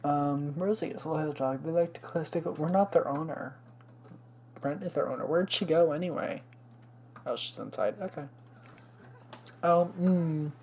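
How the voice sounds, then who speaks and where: A man's voice: on the high side, moderate pace, pauses often, darkish tone, a little hiss or hum. A young man hosting a life-sim let's play in casual commentary, chatty and fussy, exclaiming often and scolding the game's pets.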